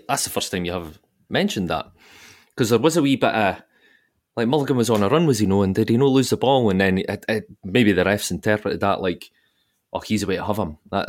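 A Scottish man talks football in casual podcast chat. His voice sits on the low side, and he is blunt, sweary and given to repeating himself. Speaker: podcast co-host.

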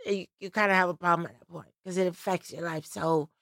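A woman's voice: lowish voice, steady tone, brisk, a bit bright, no echo, clean studio sound. A middle-aged woman talking as a musician guest in an interview, candid and chatty, with many fillers. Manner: chatty, frank, many "like" and "you know" fillers.

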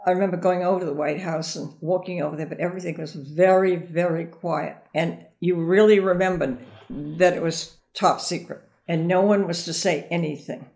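A woman's voice: lowish voice, fairly even intonation, normal speed, a little mellow. Older woman, interview guest, meandering anecdotal delivery. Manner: rambling, anecdotal storytelling. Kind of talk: reminiscing conversation.

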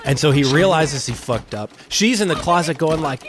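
A man's voice: on the high side, lively intonation, moderate pace, very noisy. A man co-hosting a podcast, casually retelling a film's plot and swearing freely as he goes. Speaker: podcast co-host. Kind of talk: casual movie recap chat.

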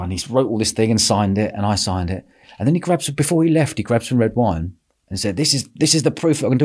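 A man hosting a podcast, telling a lively story with lots of laughter and quoted voices. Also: mid-range voice. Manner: animated, laughing, acts out quotes. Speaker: podcast host. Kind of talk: casual storytelling chat.

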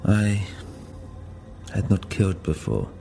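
This is a stern young woman holding someone at gunpoint, as a male storyteller reads her. She speaks slow, clipped, broken English. The voice is low, gravelly and dark, with faint music underneath. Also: sing-song, full character voice. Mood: cold. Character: cold stern young German woman with a gun.

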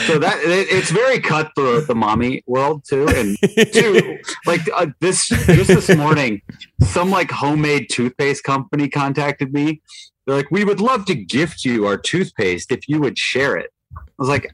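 Man, podcast co-host, casual banter, joking, laughs while talking, fairly high pitch, very lively intonation. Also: moderate pace, low-quality recording. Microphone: studio podcast headphones and mic.

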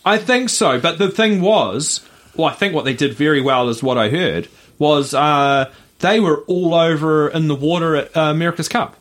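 A man's voice: fairly high pitch, moderate pace, fairly bright tone. A man co-hosting a podcast in casual chat, easygoing, with short reactions and asides. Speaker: podcast co-host.

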